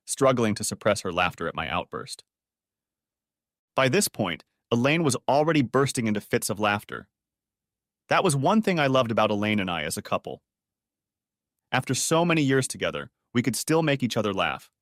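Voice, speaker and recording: An older man narrating a first-person audiobook story in a steady, even way. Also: on the low side, dry recording, studio quality.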